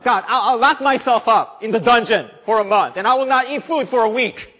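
A male preacher voicing a grown man who whines excuses to God in a high, strained voice, in a long echoey reverb. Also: a little fast, bright, forceful tone, full character voice. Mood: bargaining. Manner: pleading, self-justifying, high and strained.

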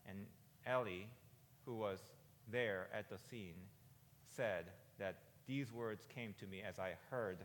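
A pastor in his forties preaching a sermon in a conversational way, often asking "right?" and rising to loud, emphatic peaks. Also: fairly low pitch, measured pace, big-room sound, a little hiss or hum. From United States. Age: 40s.

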